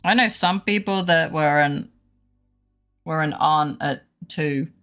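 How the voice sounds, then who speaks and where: Woman streamer, bright tone, rambling storyteller, faint music underneath. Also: sits low, slow pace. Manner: rambling animated storytelling, laughing. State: unwell with brain fog. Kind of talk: casual chat with live chat.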